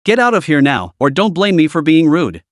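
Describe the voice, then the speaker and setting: A man's voice: a little high, very animated, fairly quick, no echo, studio quality. A man playing a sneering bully boss. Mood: furious. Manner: shouting threats, sneering. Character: arrogant bullying male company boss.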